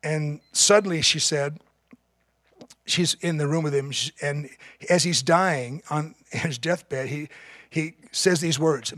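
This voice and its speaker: Brief: male pastor, earnest emphatic sermon delivery, higher voice, dry close sound. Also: slow pace, a bit bright, dry recording.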